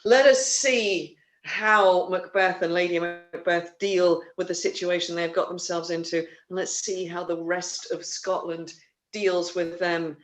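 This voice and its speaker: Chatty host with rambling announcements. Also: male voice, high voice, little pitch movement, unhurried, fairly bright tone, faint music behind. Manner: chatty, rambling, lots of fillers and restarts. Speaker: theatre company host. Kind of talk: casual livestream announcements.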